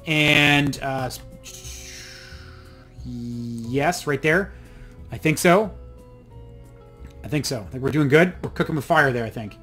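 A young adult man hosts a let's play, giving casual gameplay commentary as he rambles, chats and makes self-mocking jokes to himself. His voice is on the high side and a bit bright.

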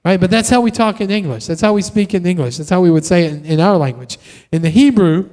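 A man preaching a sermon in a conversational, animated way, often tossing in "right?" to the congregation. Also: high-pitched, quick pace, big-room sound. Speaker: pastor. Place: church sanctuary.

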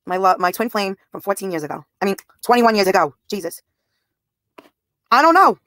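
A livestreamer in her thirties speaks quickly and directly to her chat, cursing freely and responding to comments one after another. Her voice sits at a typical middle pitch for a woman, captured close and dry without any room echo.

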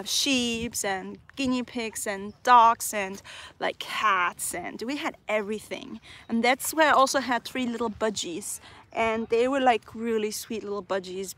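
A young woman, a parrot trainer, chatting casually on a phone live stream outdoors, cooing at her bird and exclaiming excitedly. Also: on the high side. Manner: animated, cooing baby talk to her bird; frequent laughter, excited exclamations. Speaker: parrot trainer, channel host. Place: outdoors in open country.

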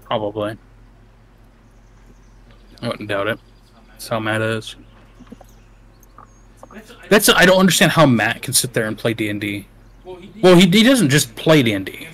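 Male streamer, animated delivery, casual and profane. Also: mid-range voice, measured pace, long pauses, rough recording. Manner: loud, swears, laughs a lot. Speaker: streamer playing a game with friends. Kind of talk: casual gaming chat.

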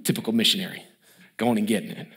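A pastor in his thirties preaches fast with a steady tone, his sermon emphatic and rising. He lowers his voice to a hush for the key words.

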